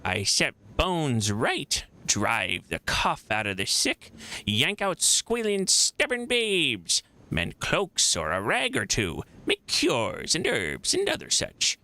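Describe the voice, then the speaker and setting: A man voicing a sly, cackling old woman midwife in a video game, speaking in a folksy old dialect with drawn-out questions. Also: medium pitch, huge pitch swings, bright, forceful tone, voice pushed up, full character voice.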